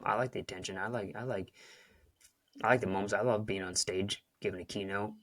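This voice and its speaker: Guy on his podcast, lowish bright voice, dry close mic, rambly coaching talk. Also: fairly even intonation, a little fast, dry recording. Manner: rambling, restarts, retells scenes with emphasis. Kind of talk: casual motivational talk.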